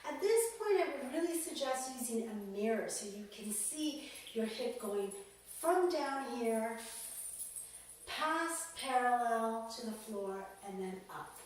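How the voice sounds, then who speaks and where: A woman teaching a belly dance lesson, calmly counting out the beats as she demonstrates, recorded in a dance studio on a camera mic set far off. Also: on the high side, slow pace. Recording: echoey room, mic far off, faint noise.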